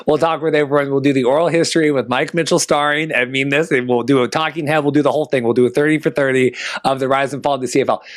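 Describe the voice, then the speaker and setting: A man hosting a podcast, chatting casually, excitable and rambling with lots of restarts. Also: mid-range voice, fast, hardly any pauses. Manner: excitable, rambling, repeats himself. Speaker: podcast host.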